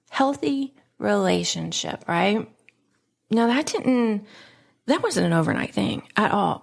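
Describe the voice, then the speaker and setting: Gravelly-voiced woman telling her story. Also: medium pitch. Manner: dramatic, emotional, laughs often, slips into whispers. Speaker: podcast host. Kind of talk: personal storytelling.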